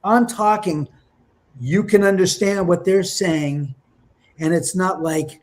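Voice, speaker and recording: A man with a slightly high voice recounts his experiences as an interview guest. He tells it with a lot of life, acting out quotes, exclaiming and sometimes dropping to a whisper. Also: slow. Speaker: paranormal investigator guest. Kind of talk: animated storytelling in an interview.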